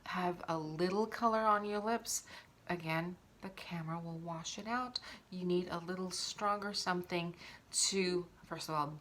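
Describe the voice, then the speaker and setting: A woman chatting casually through a makeup tutorial at home, talking while she applies it. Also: lowish voice. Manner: chatty, relaxed, talks while applying makeup.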